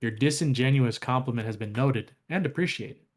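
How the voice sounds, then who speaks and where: A man's voice: medium pitch, normal speed, close to an everyday voice. A man voicing a sarcastic female ship AI in a dry, teasing way while reading game lore aloud.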